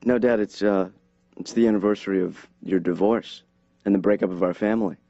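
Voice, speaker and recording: Low-voiced, halting cartoon son, dry lo-fi sound. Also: male voice, fairly even intonation, creaky, mellow, dry recording. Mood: wry. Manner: hesitant, full of fillers and pauses. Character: awkward young adult son, mopey.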